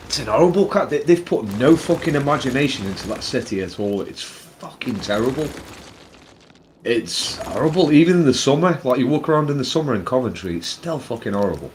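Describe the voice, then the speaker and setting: Brief: Staffordshire man, very lively swooping pitch, blunt sweary rant, slight background hiss. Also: fairly quick. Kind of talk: casual chat.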